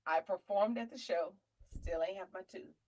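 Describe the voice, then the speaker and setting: A woman with a New York accent, telling a lively faith story on a talk show, dropping to murmurs and rising to loud cries. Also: moderate pace, poor audio. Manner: animated testimony, swinging from low murmurs to loud cries. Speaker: guest.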